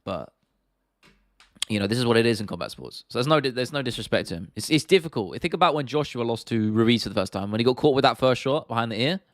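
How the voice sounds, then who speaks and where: A man's voice: mid-range voice, lively intonation, quick pace, no echo, studio quality. A young man with a London accent hosting a casual livestream Q&A, chatting loosely as he reads and answers viewer comments. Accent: London English. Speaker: livestream host.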